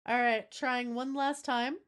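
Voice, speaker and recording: A woman's voice: a little high, fairly even intonation, measured pace, a bit bright, clean tone. A woman streamer chatting casually with her viewers, swearing now and then as she fixes her audio setup. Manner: chatty, swears, talks to chat while troubleshooting. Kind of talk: casual live-stream chat.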